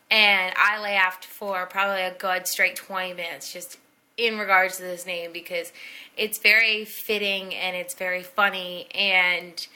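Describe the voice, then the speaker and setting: A woman's voice: on the low side, bright, forceful tone. A young woman telling a rambling personal story in a casual vlog, full of fillers and asides. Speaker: blogger telling personal stories.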